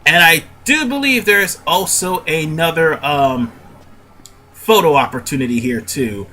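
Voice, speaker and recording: Man, stuffy nose, husky voice, somewhat high, rambling let's play commentary, self-correcting. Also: animated, unhurried, sharp tone. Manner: rambling, corrects himself often. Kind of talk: casual gameplay commentary.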